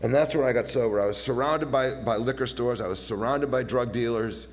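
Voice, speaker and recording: A man in his fifties giving a halting, personal talk at a recovery meeting, often repeating his words and acting out voices as he retells. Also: mid-range voice. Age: 50s. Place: meeting hall. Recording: long hall reverb, faint hiss.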